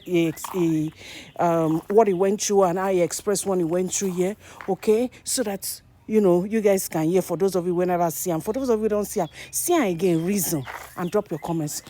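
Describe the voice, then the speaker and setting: A Nigerian woman vlogger with an animated manner, talking to her viewers in casual commentary. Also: lowish voice, slight background noise. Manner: animated, mixes Nigerian Pidgin and English.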